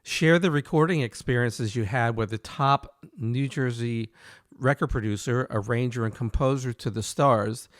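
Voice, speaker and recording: A male host chats easily with a guest and sets up questions with long introductions. His voice sits at a middle pitch, and the recording is dry and close. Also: moderate pace, no room sound. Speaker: host, saxophonist. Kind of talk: casual interview chat.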